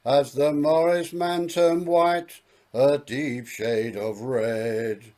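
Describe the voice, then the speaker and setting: A man sings a comic story ballad in a slow, drawn-out way and tells the tale as a singer-songwriter. His pitch sits in a middle range for a man. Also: steady tone, darkish tone.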